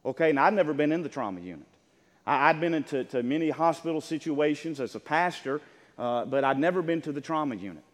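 A man's voice: fairly high pitch, expressive, fast. An older man, a pastor, preaching a sermon to his congregation in an earnest storytelling way, often restarting his words. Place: church sanctuary. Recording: long hall reverb.

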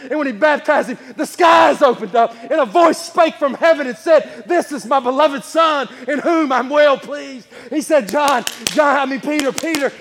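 Man doing excited apostle, very high voice, breathless, urgent, repetitive, long hall reverb. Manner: breathless, urgent, repeating himself. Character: excited adult male apostle bursting with news. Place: church sanctuary.

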